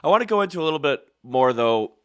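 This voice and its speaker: A man's voice: on the high side, expressive, a little fast, gravelly, a bit bright, dry recording, clean studio sound. A man hosting an interview podcast, asking questions in an easy conversational way and often giving short agreements. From Canada. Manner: attentive, frequent short agreements. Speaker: podcast host.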